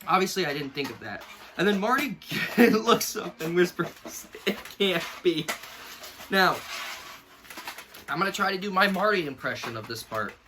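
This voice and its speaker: A man's voice: high-pitched, big pitch swings, normal speed, pushed and bright, slight background noise. A young man in casual, rambling commentary, mocking himself and laughing often as he reviews something he wrote as a kid. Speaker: YouTuber reviewing his own childhood book.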